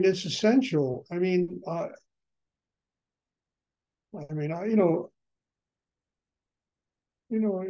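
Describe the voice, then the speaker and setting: An older man speaking as a spiritual teacher, very slow and unhurried. His voice is mellow and dark, sitting a little higher than most men's. He strings out repeated phrases and leans on "you know" as he reflects. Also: low-quality recording.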